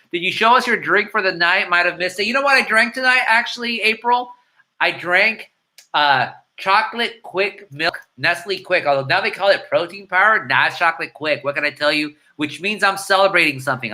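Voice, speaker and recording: A middle-aged man, casually answering viewer comments with irreverent, rapid-fire banter and slipping between Spanish and English. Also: sits high, bright, forceful tone. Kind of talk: casual live-stream chat.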